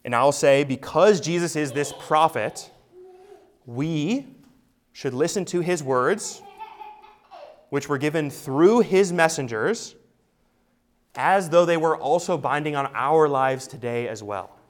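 A man's voice: fairly high pitch, animated, takes it slowly, pauses often. A man preaching an expository sermon, emphatic and full of rhetorical questions. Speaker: pastor.

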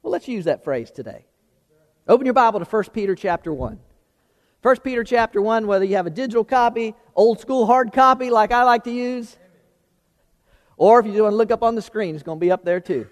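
A man's voice: sits high, animated, fairly quick, in a large hall. A man preaching a sermon as pastor, chatty and conversational, asking the congregation questions and repeating words as he finds them.

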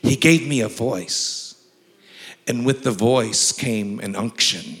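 A man's voice: mid-range voice, slow pace, a bit bright. A man preaching a sermon as pastor, mixing humorous stories with emphatic scripture reading. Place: large church sanctuary. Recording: long reverb of a large church hall.

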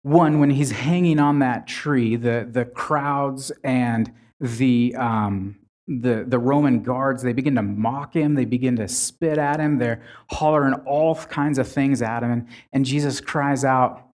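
A man's voice: medium pitch, moderate pace, few pauses, a little mellow. A man preaching a sermon in a conversational way, retelling scripture with frequent restarts.

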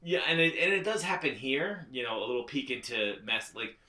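A man with a bright, forceful voice talks loosely about a film, stringing thoughts together with plenty of fillers. His speech rings in a roomy, echoey space. He sounds like a podcast co-host in casual chat. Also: mid-range voice, expressive, a little fast. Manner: rambling, filler-heavy, slips into mock voices.

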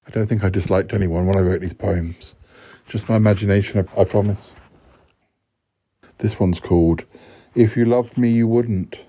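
A man's voice: on the low side, fairly even intonation, moderate pace, long pauses, breathy edge, lo-fi sound. A man hosting a podcast, reading his own rhyming poems with playful, hesitant asides between them. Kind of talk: poetry reading.

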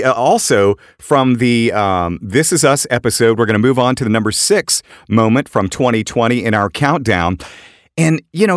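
A man co-hosting a podcast, telling a funny story in a casual, animated way. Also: dry recording, clean studio sound. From Arkansas, US. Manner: animated storyteller, voices his friends with a jump in pitch. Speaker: podcast co-host.

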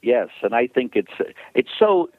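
A man's voice: mid-range voice, very animated, unhurried, no echo. A man who is a priest and author, speaking as an interview guest in an emphatic, preacherly way. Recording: tinny phone line, dry.

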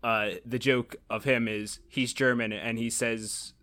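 Young dude rambling in a chat, laughs a lot, normal pitch. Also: male voice, measured pace. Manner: rambling, animated, laughs often. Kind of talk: casual chat.

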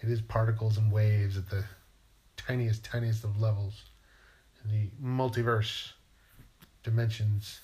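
A man's voice: fairly low pitch, flat delivery, unhurried, pauses often, darkish tone. A man, a writer, musing playfully in a rambling monologue and asking himself questions aloud.

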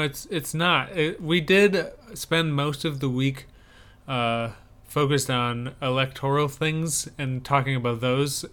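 A man's voice: medium pitch, sharp tone, smooth. A man co-hosting a podcast in casual chat, rambling with frequent restarts. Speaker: podcast co-host.

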